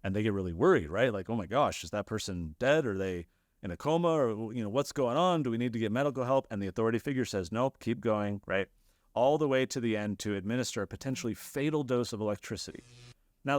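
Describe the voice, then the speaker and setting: A man giving an explanatory lesson on logical fallacies, telling examples in a lively storytelling way and briefly acting out the voices he quotes. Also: fairly low pitch, no echo, clean studio sound. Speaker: lecturer.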